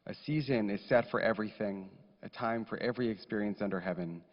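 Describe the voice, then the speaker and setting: A man leading a funeral service, speaking solemnly and reading verses in a measured, chanting way. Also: fairly low pitch. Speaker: rabbi officiating a funeral. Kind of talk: eulogy and scripture reading. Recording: echoey hall, dull lo-fi sound.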